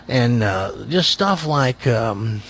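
A husky older man with a faint trace of Tennessee in his speech chats with a host's ease. His voice swings up and down as he tells folksy stories. He stumbles and repeats himself as he starts each thought. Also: mid-range voice, animated, takes it slowly, a bit bright. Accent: faint Tennessee Southern. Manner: folksy storyteller, chuckles, repeats words when starting a thought. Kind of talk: casual chat.

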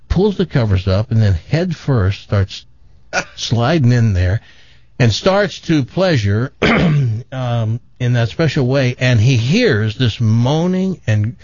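Male morning-show host, lively storyteller, dry muffled booth sound. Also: medium pitch, no room sound. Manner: animated storyteller, acts out characters. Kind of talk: joke telling on morning radio.

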